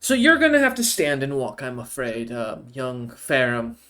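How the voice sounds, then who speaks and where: A man's voice: medium pitch, wildly swooping pitch, normal speed, pushed and bright, a little hiss or hum. A man voicing a tired, stern woman who escorts prisoners, sighing and giving clipped orders. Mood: weary, stern. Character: weary stern woman paladin's agent.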